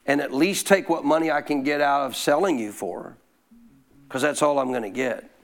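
A man teaching scripture in a folksy, informal way, prompting listeners to answer him out loud. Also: medium pitch, moderate pace, creaky. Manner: call-and-response, prompts listeners to answer aloud. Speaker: Bible teacher. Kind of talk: interactive Bible teaching.

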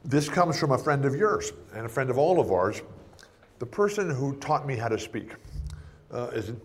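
A man spinning animated stories in conversation. He laughs often and puts on quick voices for the people he quotes, his pitch in a middle range. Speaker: broadcaster. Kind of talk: storytelling in conversation.

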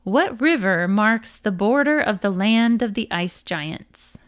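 A woman's voice: mid-range voice, lively intonation, takes it slowly. A woman voicing a mocking male giant on a moose as she reads a storybook aloud, her tone teasing.

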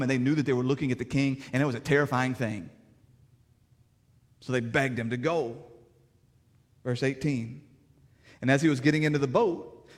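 A man preaching a sermon with emphatic delivery and rhetorical questions, swinging between loud declarations and hushed passages. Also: a little high, in a large hall. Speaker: pastor.

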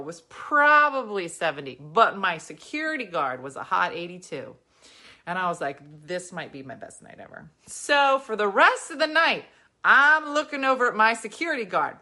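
Woman comedian, comic storytelling, bright and lively. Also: medium pitch. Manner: animated, laughs often, sound-effect riffs. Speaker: comedian telling a story on a talk show.

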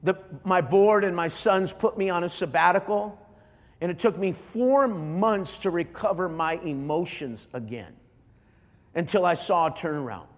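High-voiced pastor preaching in a reverberant hall. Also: male voice. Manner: emotional, halting with many repeated starts. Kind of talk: sermon. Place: large church hall.

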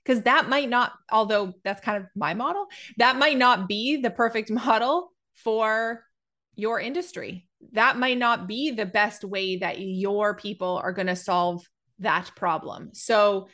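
Unhurried woman explaining on a podcast. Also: mid-range voice, fairly bright tone. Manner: measured, explanatory, thoughtful pauses. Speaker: podcast guest, business coach. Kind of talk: casual podcast conversation.

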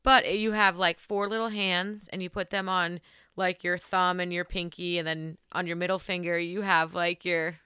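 A young woman hosts a laid-back chat, her voice bright and smooth against a dry, close sound. She giggles easily and reads things aloud with playful, exaggerated emphasis. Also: lowish voice, little pitch movement, moderate pace, dry recording. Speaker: host. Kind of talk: casual chat.

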